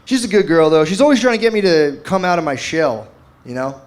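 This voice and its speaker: A man's voice: a little high, big pitch swings, brisk. A middle-aged man doing stand-up comedy, telling a rambling story in a laid-back way and acting out what people said. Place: comedy stage before a live audience.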